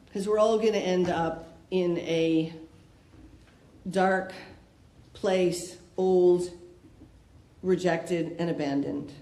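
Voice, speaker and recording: Woman sharing in an echoey hall. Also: on the low side. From Canada. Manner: candid, conversational, animated with rhetorical questions. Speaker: recovery meeting speaker. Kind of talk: personal share at a recovery talk. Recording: echoey room with faint noise.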